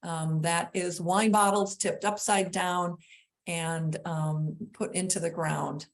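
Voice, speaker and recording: Middle-aged lady talking thru garden slides, kinda low voice, lots of ums. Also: steady tone, slow. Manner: chatty, with frequent ums and restarts. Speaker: master gardener class presenter.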